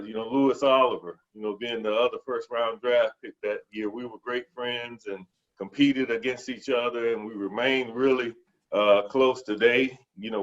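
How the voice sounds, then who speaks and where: Guy in his 50s, chill storyteller, lotsa "you know", muffled sound. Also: mid-range voice. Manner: relaxed, warm storytelling with many "you know" fillers. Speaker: podcast guest, former football player. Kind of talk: casual interview conversation. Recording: dull lo-fi remote audio.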